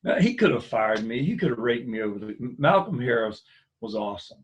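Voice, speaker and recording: A man's voice: mid-range voice, a little fast, highs cut off, a little hiss or hum. A middle-aged man from the US mainland, a former school ministry coordinator, telling stories in a casual interview over a video call and acting out the voices of the people he quotes. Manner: animated storyteller who acts out quoted dialogue with a lifted voice.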